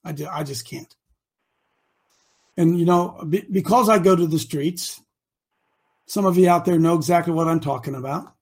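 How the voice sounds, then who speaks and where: A man leading a group as their coach, preaching with passion, often stammering over his words and sometimes shouting. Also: on the high side, moderate pace, pauses often. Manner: impassioned, stammering restarts, shouts at times. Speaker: group leader called Coach.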